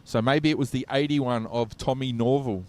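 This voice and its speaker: A man calling live kart racing from trackside, brisk play-by-play. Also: medium pitch, fairly even intonation, darkish tone. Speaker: race commentator. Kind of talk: live motorsport commentary. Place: trackside at an outdoor dirt kart circuit.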